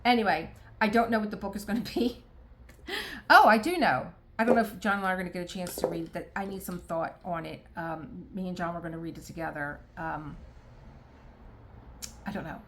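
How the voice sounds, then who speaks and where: A woman's voice: lowish voice, fairly even intonation, a little fast, background noise. A middle-aged woman from the United States chatting to camera while she does a craft, rambling and heartfelt, with many restarts and quoted asides. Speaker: crafting vlogger. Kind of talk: casual talk to camera while diamond painting. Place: home art room.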